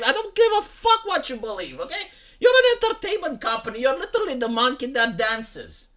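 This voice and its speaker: Heated profane man with a bright voice. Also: very high voice, sing-song, fairly quick. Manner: heated, profane, repeats "like" and "right?". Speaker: commentary streamer. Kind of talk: ranting commentary.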